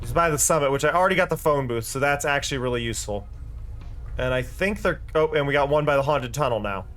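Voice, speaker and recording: A man's voice: mid-range voice, fast, fairly bright tone, soft background music. A man streaming a game, chatting casually and playfully while reading dialogue aloud. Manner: chatty, playful, makes silly sound effects.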